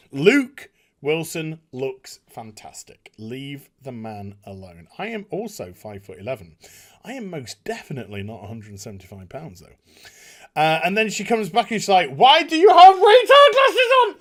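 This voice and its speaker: Animated man recapping a TV episode. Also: on the high side. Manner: animated, acts out characters' lines while recapping. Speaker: TV show reviewer. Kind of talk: casual spoken review.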